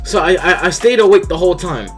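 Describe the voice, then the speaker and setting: A young man casually telling a storytime vlog, rambling and profane, with lots of restarts and animated bursts. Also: high voice, fast, faint music behind. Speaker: storyteller vlogger.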